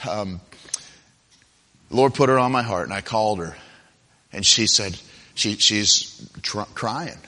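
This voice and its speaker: A man preaching a sermon with fervor, moving from loud declarations to soft confiding tones. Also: mid-range voice. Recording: long hall reverb.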